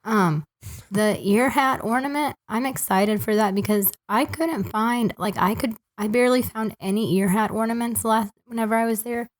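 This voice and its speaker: A woman co-hosting a podcast, hoarse from a cold, chatting casually. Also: a little high, normal speed. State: hoarse from being sick. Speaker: podcast co-host. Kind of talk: casual chat.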